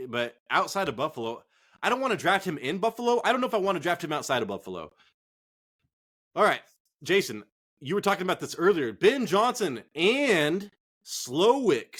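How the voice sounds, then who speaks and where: A man co-hosts a casual sports chat in a fairly high, lively voice that swings widely in pitch. He rambles, swears freely and gets worked up easily. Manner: profane, excitable, rambling. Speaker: fantasy football podcast co-host.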